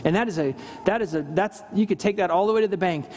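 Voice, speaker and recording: A man's voice: high voice, fast, a little mellow, big-room sound. A man preaching a sermon as pastor, earnest, acting out scripture quotes with emphasis. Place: church service.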